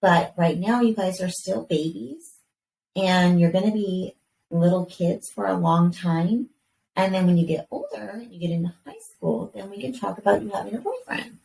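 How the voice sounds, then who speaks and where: A woman in her thirties co-hosting a casual podcast, telling a lively story about her young kids, swearing casually and acting out their voices. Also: medium pitch, normal speed, gravelly. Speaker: podcast co-host. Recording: roomy, distant mic with faint background hiss.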